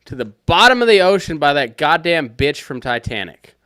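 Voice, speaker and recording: A man's voice: on the high side, big pitch swings, normal speed, sharp tone, clear, resonant tone, dry recording, studio quality. A man co-hosting a podcast, making mock-serious sarcastic jokes in comedic banter. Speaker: podcast co-host.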